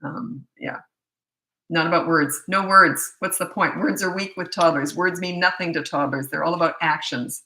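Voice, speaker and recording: A woman's voice: on the low side, steady tone, normal speed, pushed and bright, echoey room. A middle-aged woman parenting coach giving blunt, chatty advice and telling stories from her own family life. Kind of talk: casual advice talk.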